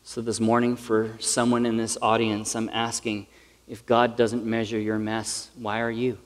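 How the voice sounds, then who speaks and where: A man's voice: fairly low pitch, monotone, unhurried. Man preaching in a reverberant hall. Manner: conversational, earnest, self-deprecating. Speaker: pastor. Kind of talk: sermon. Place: large hall with live audience.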